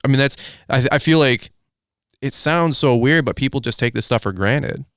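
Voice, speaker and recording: A man hosting a podcast in casual chat, rambling excitably with lots of fillers. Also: medium pitch, moderate pace, clean tone, dry recording, studio quality. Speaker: podcast host.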